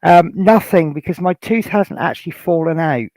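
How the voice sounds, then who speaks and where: A man from Norfolk chats his way through a hobby livestream, reading viewer messages aloud between rambling asides. His voice has a gravelly edge. The sound is dry and close, with no room echo. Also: on the high side, moderate pace, a little mellow. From Norfolk, England. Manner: rambling, reads out chat messages with many fillers. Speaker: livestream host. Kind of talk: casual livestream chat.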